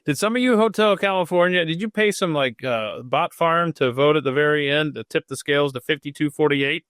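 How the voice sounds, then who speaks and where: A man's voice: fairly high pitch, a little fast, a bit bright, no echo, clean studio sound. A man hosting a casual solo podcast, reading from notes and breaking off often to joke and riff. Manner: rambling and jokey, reading aloud and stopping to riff. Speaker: podcast host. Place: home studio.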